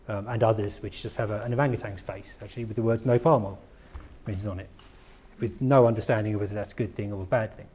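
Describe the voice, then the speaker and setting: A man's voice: medium pitch, darkish tone. A man giving a conference presentation, chatty and conversational, asking the audience questions and joking at his own expense. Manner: conversational, asks the audience questions, self-deprecating asides. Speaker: conference speaker. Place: conference room.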